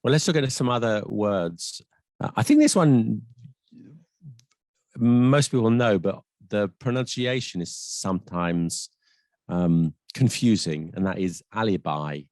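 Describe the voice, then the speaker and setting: A man co-hosting a podcast in a casual, playful chat, explaining words slowly and clearly. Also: lowish voice, a little mellow, no echo, studio quality. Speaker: podcast co-host.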